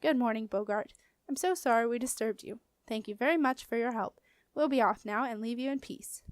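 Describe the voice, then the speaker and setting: A woman reading a storybook and voicing a stern but proud female wizard who speaks crisply and commandingly. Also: a little high, a little fast, dry recording, clean studio sound, natural voice. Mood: polite.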